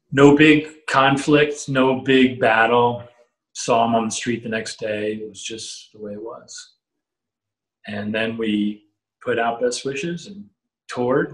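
A middle-aged man, a guitarist guest, telling stories in an interview, acting out quotes and swearing freely. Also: mid-range voice. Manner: animated storyteller who acts out quotes, swears freely. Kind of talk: storytelling interview. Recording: roomy echo.

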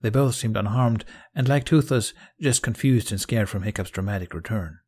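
A man narrating a fan fiction audiobook in a calm, even storytelling manner. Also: lowish voice, normal speed, breathy edge.

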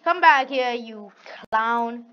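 A woman's voice: a little high, slow, clear, resonant tone, highs cut off. A young woman chatting casually while playing an online game, trading playful trash talk with a friend and laughing often. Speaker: gaming video creator. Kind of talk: casual gameplay commentary.

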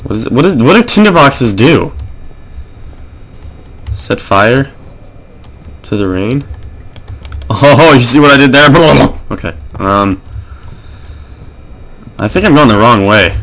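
A man giving gameplay commentary as a let's play host, jumpy and excitable, swearing, laughing and yelping. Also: medium pitch, slow pace, pauses often.

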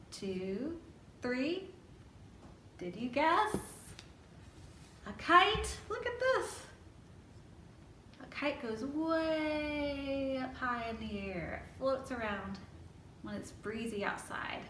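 A woman librarian's high, somewhat bright voice guides a toddler storytime, gently coaxing and questioning the children. The library room echoes, the mic is set back, and a faint hiss or hum is audible.

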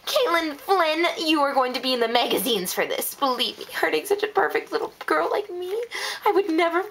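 A woman's voice: high-pitched, big pitch swings, a little fast, a bit bright, slight background noise, voice pushed up, heavily acted. A woman voicing a spoiled, whiny girl diva with a fake-innocent manner, over faint music. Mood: indignant.

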